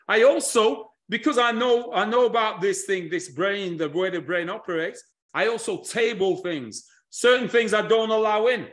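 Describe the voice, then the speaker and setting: A man giving a lively, energetic lecture and asking his listeners to write things down. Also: high voice. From United Kingdom. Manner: energetic, animated presenting with audience tasks. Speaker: history and culture speaker.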